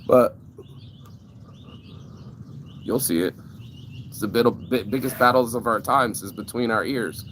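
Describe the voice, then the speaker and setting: A man's voice: medium pitch, measured pace, pauses often, fairly bright tone, slight background noise. A middle-aged man ranting casually to camera, rambling and profane, with lots of fillers and restarts. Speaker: vlogger.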